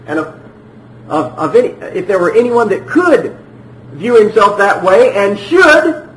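A man preaching a sermon emphatically, repeating phrases and swinging between loud and hushed. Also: high voice, very animated, unhurried, echoey room, low-quality recording.

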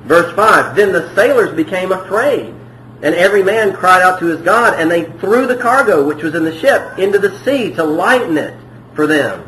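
This man's voice is high-pitched and a bit bright, animated but at a moderate pace. He works through scripture verse by verse in a conversational way, often posing questions to the congregation, recorded in an echoey room with slight noise.

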